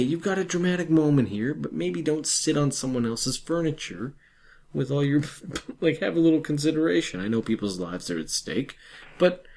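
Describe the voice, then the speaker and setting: Profane, animated man ranting about a movie. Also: a little high, vocal fry, slightly rough. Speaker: podcast co-host. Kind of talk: casual movie-review chat.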